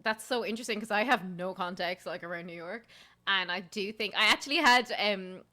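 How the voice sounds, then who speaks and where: A woman hosting a recap podcast, talking in a chatty, enthusiastic way. Her voice is bright and clear, and she often breaks into laughter. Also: medium pitch, brisk. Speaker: podcast host. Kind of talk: casual chat.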